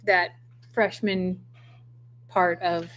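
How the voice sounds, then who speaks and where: A woman's voice: lowish voice, level tone, drawn-out words, fairly bright tone. A woman co-hosting a casual live-stream chat, teasing and playful. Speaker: co-host.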